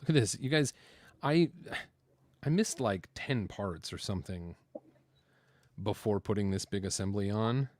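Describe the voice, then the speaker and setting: Building LEGO on camera, this host rambles casually through the process with plenty of filler words. His voice is fairly low and a bit dark, and he speaks a little slowly, pausing often.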